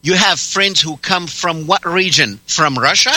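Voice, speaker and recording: A man's voice: a little high, measured pace, sharp tone, dry recording, poor audio. A male radio talk show host arguing heatedly with a caller, interrupting and demanding answers in a sarcastic tone. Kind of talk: heated on-air argument with a caller.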